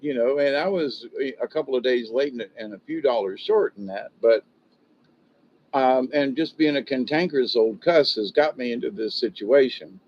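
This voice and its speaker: Older male livestream host venting in a rambling, frustrated way, caught on dull, low-fidelity audio. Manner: frustrated, rambling, self-interrupting. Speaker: livestream host reading viewer comments.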